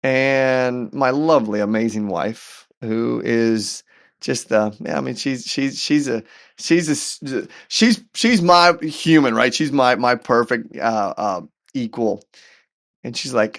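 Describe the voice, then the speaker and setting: Animated gravelly-voiced man telling a story. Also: medium pitch, takes it slowly. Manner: animated, repeats words while telling a story; faith-centered, earnest. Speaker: podcast guest. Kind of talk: storytelling in conversation.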